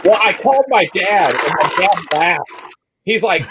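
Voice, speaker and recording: A man's voice: on the high side, normal speed, background noise. A man hosting a casual online group chat, joking and telling stories with quoted voices acted out. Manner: joking storyteller who acts out quoted voices. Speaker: host of a group chat show.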